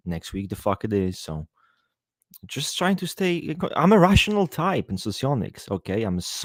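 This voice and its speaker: A man's voice: on the low side, dry recording, studio quality. A man hosting a casual livestream, greeting viewers by name and joking around with a lot of swearing. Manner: profane, joking, reads out viewer names. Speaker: livestream host.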